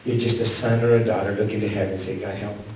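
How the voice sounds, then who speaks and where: Male pastor, dynamic sermon delivery, loud calls and hushed asides, distant mic in a very echoey church with faint room noise. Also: little pitch movement, racing. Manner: swings between loud, high calls and soft, low asides; storytelling with rhetorical questions to the congregation. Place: church sanctuary.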